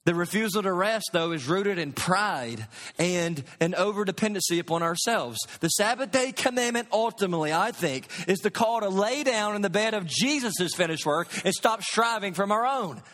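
A high-pitched man preaching with a drawl, his voice carried by a long reverb as in a large church sanctuary. He pushes loud on his points, then drops low and quiet, in an animated sermon delivery. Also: moderate pace. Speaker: pastor.

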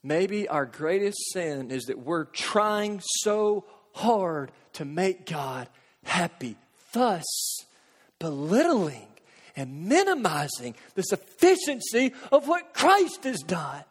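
A man preaching a sermon, earnest, posing rhetorical questions and dropping into hushed intensity. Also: high-pitched, sing-song, takes it slowly. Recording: long hall reverb.

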